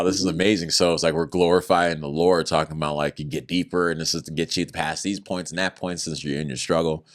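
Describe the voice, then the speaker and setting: A man with a remarkably deep, low voice shares a personal testimony in conversation. He speaks earnestly about his faith and brings the story to life by acting out what other people said. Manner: animated, acts out other people's words in raised voices. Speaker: podcast guest.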